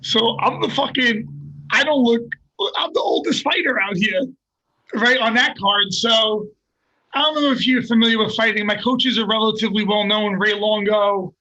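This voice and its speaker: A middle-aged man, a fighter, telling a story in a casual, profane and animated way and laughing at himself. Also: high-pitched, moderate pace, low-quality recording. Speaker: guest, MMA fighter.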